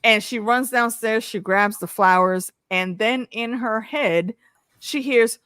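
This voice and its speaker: A woman hosting a casual show discussion, talking in an animated, salty way and acting out lines. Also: on the high side, slow pace, clear, resonant tone, dry recording. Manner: animated, profane, acts out quotes. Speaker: podcast host.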